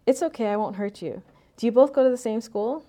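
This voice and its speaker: A man's voice: very high voice, dark tone, pitched above the performer's own voice. A woman voicing a nervous, apologetic masked male burglar who speaks politely and in a hurry. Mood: coaxing. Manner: hurried, polite, words tumbling out.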